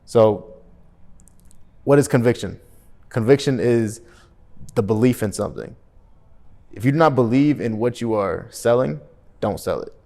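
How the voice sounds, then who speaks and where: A man giving an energetic, emphatic sales coaching talk, often checking in with "right?" and acting out phone calls in different tones. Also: mid-range voice, a little slow, gravelly, long pauses. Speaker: real estate sales coach.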